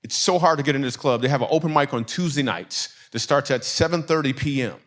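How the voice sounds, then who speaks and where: A man from Michigan doing stand-up storytelling in a church, animated and conversational, laughing through his punchlines. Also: mid-range voice, fast talker. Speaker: comedian.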